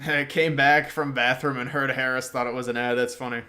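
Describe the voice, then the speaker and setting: A young man talks casually at a mid pitch, reacting to comments as they come in. He uses slang and often trails off mid-thought, like a streamer chatting on his own. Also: flat delivery, brisk, bright, forceful tone. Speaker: livestream host. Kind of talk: casual political livestream chat.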